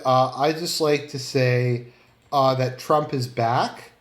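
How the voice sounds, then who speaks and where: A man's voice: medium pitch, steady tone, slow. A man giving casual commentary online, rambling and blunt, with many fillers and some swearing. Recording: roomy, echoey room.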